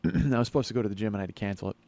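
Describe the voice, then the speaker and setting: A man in his forties hosts a comedy podcast, racing through a long, profane story and breaking into exasperated rants. His voice sits on the low side, a little mellow, with vocal fry.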